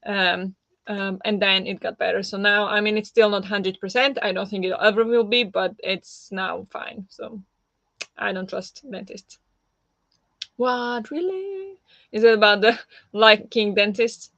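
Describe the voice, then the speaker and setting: A woman's voice: medium pitch, little pitch movement, moderate pace, gravelly, fairly bright tone, no room sound, highs cut off. A woman hosting a casual livestream chat, talking with lots of fillers and reacting to viewer comments. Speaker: livestream host.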